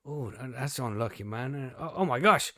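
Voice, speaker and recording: A man's voice: mid-range voice, expressive, normal speed, pushed and bright, no room sound, studio quality. A man voicing a chatty male pub barman in a joke he is telling, exclaiming in shock.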